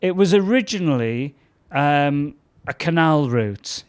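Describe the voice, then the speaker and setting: A young man from talks in relaxed podcast chat. He turns animated and laughing as he tells his stories, his clear. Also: a little high, takes it slowly. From England. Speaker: comedian guest. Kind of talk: casual chat.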